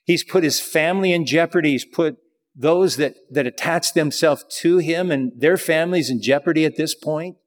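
A man preaching a sermon in a conversational way, slowing down to read scripture aloud. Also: fairly high pitch. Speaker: pastor.

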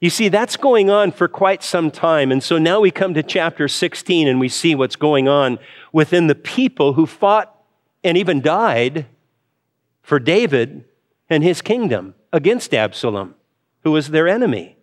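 Earnest preaching man, slightly high voice. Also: lively intonation, unhurried. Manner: earnest, repeats and restarts phrases, rising for emphasis. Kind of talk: sermon, Bible exposition.

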